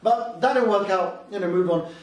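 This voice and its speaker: A man's voice: sits high, normal speed. Man speaking in a far, echoey hall. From England. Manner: chatty and storytelling, asides to the audience. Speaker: Islamic youth speaker. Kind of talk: motivational talk to a youth audience.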